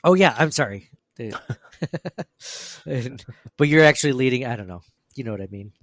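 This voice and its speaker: A man's voice: mid-range voice, animated, moderate pace, fairly bright tone, dry recording, studio quality. A man co-hosting a podcast, rambling and self-deprecating in casual chat, laughing often. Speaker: podcast co-host.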